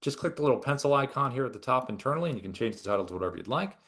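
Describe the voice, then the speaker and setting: A man giving a relaxed, chatty software tutorial as a product trainer. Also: mid-range voice, racing. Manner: relaxed, chatty, with lively ups and downs. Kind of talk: casual screen-share tutorial.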